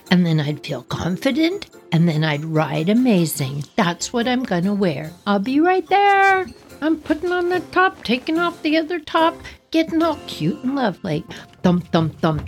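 A woman hosting a storytelling podcast, telling a childhood memory in a playful, animated way and acting out voices and sound effects. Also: medium pitch. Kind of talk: personal storytelling.

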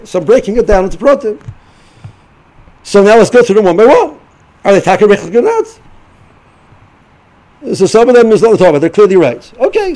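Halting, gravelly-voiced rebbe, a man. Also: sits high, a little mellow, low-quality recording. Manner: halting, repeats words, restarts sentences. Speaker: yeshiva rebbe giving a shiur. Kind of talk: informal Torah talk.

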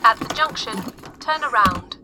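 A polite, mechanical in-car voice assistant in an audio drama. Her prompts come out even and fairly high. Loud road noise from the car runs behind her. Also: unhurried.

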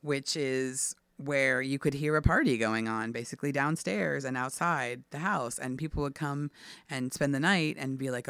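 Smooth-voiced woman telling a ghost story. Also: very deep voice, moderate pace, no echo. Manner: relaxed storytelling with laughs and "um". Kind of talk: casual chat.

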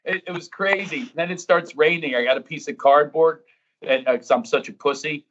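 A man's voice: on the high side, a little fast, a bit bright, slight background noise. Profane male comic, dull lo-fi sound. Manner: storytelling, profane, imitates drunk fans. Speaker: comedian panelist. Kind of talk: casual comedic storytelling.

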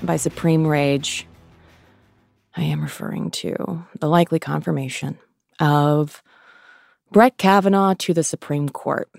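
A woman hosting a podcast, giving an impassioned and sarcastic pep talk, swearing freely and pausing often between phrases. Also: low voice, steady tone, vocal fry, darkish tone, dry recording, studio quality, soft background music. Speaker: podcast host.

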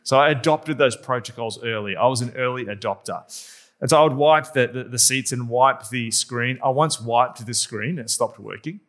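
A man's voice: medium pitch, moderate pace, fairly bright tone. A male pastor delivering a sermon as humorous, self-deprecating anecdotal storytelling.

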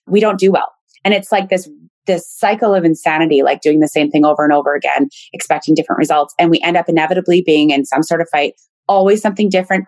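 Candid storytelling woman, low voice. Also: a little mellow, no room sound. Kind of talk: casual conversation.

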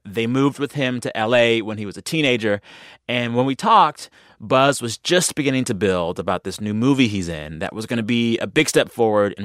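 A man's voice: fairly low pitch, fairly bright tone, no room sound. Dry-voiced male podcast host. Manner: conversational, quick affirming interjections. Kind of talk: interview hosting.

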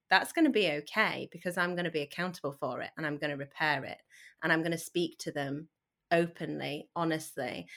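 A woman in her thirties, talking candidly and earnestly as a podcast guest, with sudden lively bursts. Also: low-pitched. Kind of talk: candid conversational talk.

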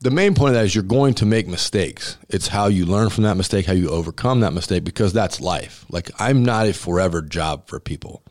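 This restaurant owner, a former college football center, has a deep, slightly mellow voice and talks briskly with hardly any pauses. In a casual interview he tells stories in an animated, blunt, emphatic way, acting out the dialogue.

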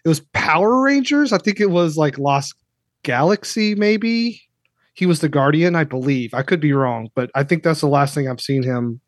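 A man's voice: on the high side, lively intonation, normal speed, no room sound, clean studio sound. A man co-hosting a casual film podcast, talking tentatively as he searches for words.

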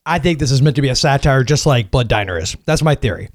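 A man's voice: mid-range voice, expressive, quick pace, no echo, clean studio sound. A man from Oregon co-hosting a podcast who cuts in confidently with his own theories and teases his co-host. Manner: teasing, confident, interjecting. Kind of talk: casual film discussion.

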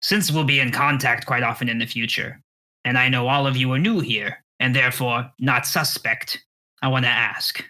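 Gruff old matron lady, blunt and tired, bright voice played by a man. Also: mid-range voice, normal speed. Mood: conspiratorial. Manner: blunt, world-weary, conspiratorial. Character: gruff old female academy matron, coffee in hand.

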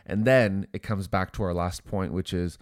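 A man's voice: deep voice, steady tone, normal speed, no echo, studio quality. A man co-hosting a podcast in casual conversation, talking earnestly with a slightly nasal, allergy-stuffed voice and frequent restarts. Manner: earnest, thinking aloud with many restarts. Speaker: podcast co-host.

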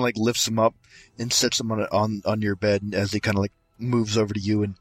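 A man narrating as game master, halting and descriptive with many fillers. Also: fairly low pitch, little pitch movement, dry recording.

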